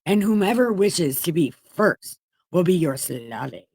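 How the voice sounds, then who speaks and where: A woman's voice: fairly low pitch, sing-song, unhurried, darkish tone, husky, no room sound, heavily acted. A woman voicing a blunt, irreverent male Jesus who talks in casual modern slang and swears. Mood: lecturing. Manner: casual, profane, sarcastic.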